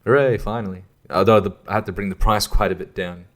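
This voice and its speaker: Swearing man, low voice. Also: fairly even intonation, quick pace. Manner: profane, exasperated ranting. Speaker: podcast host. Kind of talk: rambling casual monologue.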